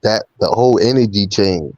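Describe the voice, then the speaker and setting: Low-voiced man calling in, lo-fi. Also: normal speed, a little mellow, no echo. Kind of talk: casual call-in chat.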